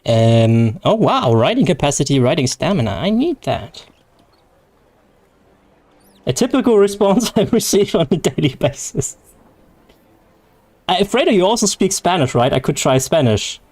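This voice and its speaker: A man's voice: a little high, very animated, unhurried, pauses often, darkish tone. A young man whose first language is German, chatting casually and rambling with jokes and laughter as a game streamer. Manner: rambling, joking, laughs often. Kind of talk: casual livestream chat.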